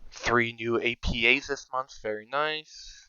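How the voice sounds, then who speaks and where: A man's voice: medium pitch, unhurried, sharp tone, smooth, dry recording, lo-fi sound. A man giving casual, think-aloud commentary over his own strategy game, sometimes counting under his breath. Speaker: strategy game video creator.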